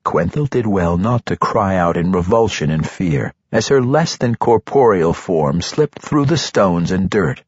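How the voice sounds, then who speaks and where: A man reading a fantasy novel as an audiobook narrator, measured and expressive, in a dull, dry recording. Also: sits low, husky, no echo.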